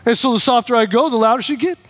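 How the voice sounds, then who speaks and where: A man preaching a sermon to a congregation, animated and repetitive, acting out both sides of his stories. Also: very high-pitched, racing, slight background noise. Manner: animated, repeats phrases, acts out both sides of arguments. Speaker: pastor. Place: church in front of a congregation.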